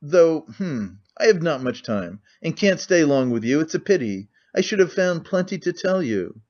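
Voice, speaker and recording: Man voicing a cynical idle nobleman, middle-aged, rambling, confiding, fairly high voice, dull lo-fi sound. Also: very animated, normal speed, a little mellow. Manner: rambling, confiding, languid candor. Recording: muffled lo-fi audiobook recording.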